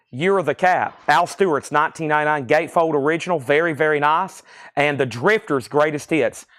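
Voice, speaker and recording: A man's voice: a little high, fairly bright tone. A man hosting a live online record sale, rattling off items and prices and often correcting himself. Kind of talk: live online sales stream.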